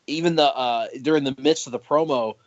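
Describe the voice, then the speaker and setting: Animated man telling stories, dry muffled mic. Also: medium pitch, brisk, dry recording. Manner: animated storyteller, laughs often, many restarts. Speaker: podcast guest. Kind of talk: casual chat. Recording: dry muffled podcast audio.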